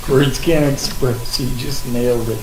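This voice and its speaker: A man in a spiritual sharing session, calmly agreeing and explaining in measured phrases. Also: medium pitch. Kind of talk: affirming, reflective spiritual talk. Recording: echoey room with faint background noise.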